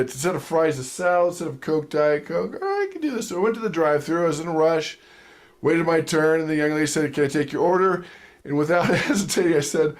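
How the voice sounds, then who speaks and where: A man giving a sales training lecture, telling stories and acting out quotes with chuckles. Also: a little high. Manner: animated storytelling with acted-out quotes and chuckles. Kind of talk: lively seminar lecture.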